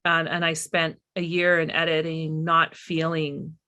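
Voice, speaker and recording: Candid woman speaking in a lowish voice. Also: monotone, bright, forceful tone. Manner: candid, halting, with many restarts and fillers. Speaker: filmmaker guest. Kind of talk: reflective conversation.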